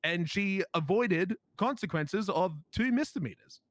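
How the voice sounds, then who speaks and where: A man's voice: high-pitched, lively intonation, measured pace, fairly bright tone, dry recording. Australian man, role-play cop, indignant, emphatic, dry close sound. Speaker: police officer in a role-play game. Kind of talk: in-character role-play storytelling.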